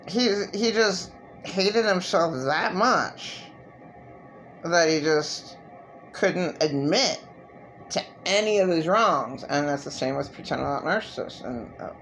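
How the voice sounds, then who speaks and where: A woman vlogger talking through a personal monologue, halting and restarting often, swearing freely. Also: sits low, a little hiss or hum.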